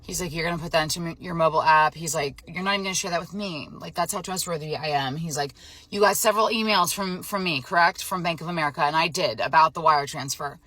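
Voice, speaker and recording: Emotionally drained woman with a bright voice. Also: sits low, fast, no echo. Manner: frazzled, emotional, retelling a phone scam with quoted dialogue. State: emotionally drained, near tears. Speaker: vlogger. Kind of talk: casual storytelling to camera.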